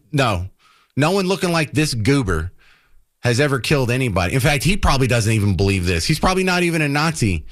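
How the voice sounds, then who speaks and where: A man's voice: mid-range voice, a bit bright. A male radio talk show host, delivering an opinionated, sarcastic monologue with exasperated ranting.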